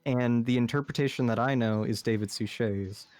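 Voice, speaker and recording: A man's voice: medium pitch, normal speed, a little mellow, dry recording. A man with a slight lisp and a general American accent, rambling through a casual podcast chat with lots of fillers. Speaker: podcast co-host.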